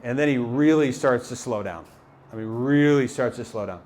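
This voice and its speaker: A man telling a story live to an audience, animated and halting, with many repeated words and fillers. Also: mid-range voice. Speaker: motivational speaker. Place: talk venue with a live audience.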